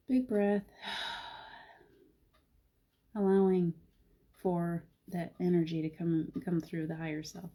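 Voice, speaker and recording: Middle-aged female host, soft and reflective, husky, warm low tone. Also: steady tone, slow pace, pauses often. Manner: gentle, reflective, soft-spoken with frequent laughs. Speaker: host of a live spiritual talk show. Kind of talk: casual live-stream chat.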